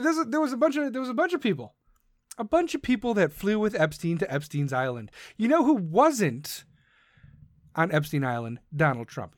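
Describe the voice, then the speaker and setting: A man's voice: high-pitched, fairly bright tone, dry recording, studio quality. A man hosting a podcast, ranting in a profane, combative and sarcastic way. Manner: mocks others in put-on voices. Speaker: podcast host. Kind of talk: ranting monologue.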